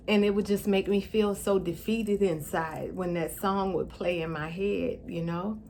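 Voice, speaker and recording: A woman telling her own story in a heartfelt, tearful way, her speech slightly affected by a stroke. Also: medium pitch. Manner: tearful, heartfelt, pauses to steady herself. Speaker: vlogger. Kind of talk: emotional personal storytelling.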